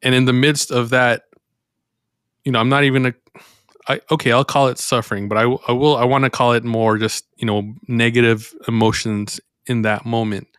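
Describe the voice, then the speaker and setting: A man's voice: medium pitch, level tone, normal speed, fairly bright tone, smooth, no echo, studio quality. A man hosting a faith podcast, reflective and meandering as he thinks aloud in casual talk. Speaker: podcast host.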